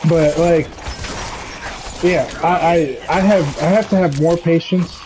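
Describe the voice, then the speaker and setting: A man streaming a game, chatting casually in a rambling, animated ranting way. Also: on the high side, slow pace, background noise. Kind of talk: casual chat while gaming.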